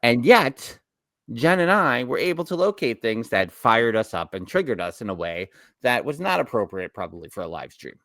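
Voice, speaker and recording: A man's voice: mid-range voice, big pitch swings, normal speed, a bit bright, dry recording. A man in his forties with a New York accent, co-hosting a casual theme park podcast and telling rambling stories that he keeps correcting mid-sentence. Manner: rambling, self-correcting storyteller. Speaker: podcast co-host. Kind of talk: casual chat.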